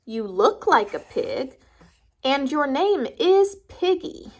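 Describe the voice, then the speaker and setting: A woman's voice: sits high, sing-song, takes it slowly, darkish tone, heavily acted. Gerald, a woman doing a fretful elephant. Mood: surprised. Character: anxious male elephant, easily surprised.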